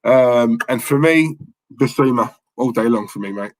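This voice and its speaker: A man's voice: mid-range voice, normal speed, rough recording. A passionate man, co-hosting a live fan stream and ranting from the heart. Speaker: fan channel co-host.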